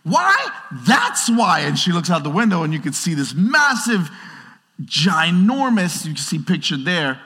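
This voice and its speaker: A man delivers a conversational, lively sermon in a bright, forceful voice that sits a little high for a man. His words ring out through a large church hall with a long reverb. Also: moderate pace, husky. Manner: conversational, animated preaching with acted-out quotes. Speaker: pastor.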